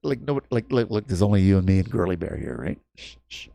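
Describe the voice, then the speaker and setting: A man's voice: low-pitched, big pitch swings, fast talker, gravelly, warm tone. A man in his fifties hosting a livestream, ranting heatedly with lots of swearing and stumbling restarts. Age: 50s. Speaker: livestream host. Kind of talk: heated casual stream chat. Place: home in New York.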